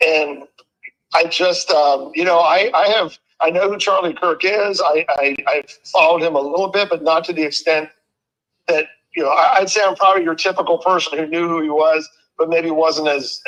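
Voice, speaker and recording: A man in his fifties, a retired police officer, talking earnestly on a video call, halting and restarting his sentences often. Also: fairly high pitch, fairly even intonation, fairly bright tone, low-quality recording. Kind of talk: casual talk show conversation.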